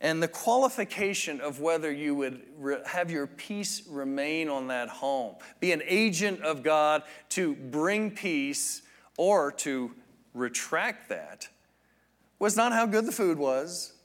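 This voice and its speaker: A man preaching a sermon, teaching in a measured, reflective way with frequent restarts. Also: a little high, expressive, fairly bright tone. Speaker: pastor.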